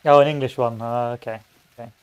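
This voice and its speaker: Smooth and quick, this medium-pitched man keeps a steady tone while giving casual let's-play commentary on a game. He wanders into history tangents and tosses in joking asides.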